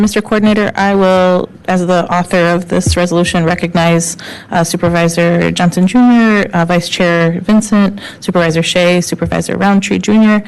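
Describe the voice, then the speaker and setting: A woman's voice: fairly low pitch, vocal fry, darkish tone, a little hiss or hum, rough recording. A woman chairing a county committee meeting, courteous and procedural as she calls on speakers. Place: county committee hearing room.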